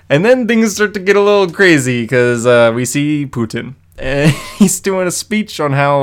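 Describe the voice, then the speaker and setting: A man's voice: on the high side, animated, normal speed, few pauses, smooth. A man hosting a comic book podcast, recapping an issue in an enthusiastic, rambling way, close to his mic. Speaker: podcast host. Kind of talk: casual chat recapping a comic.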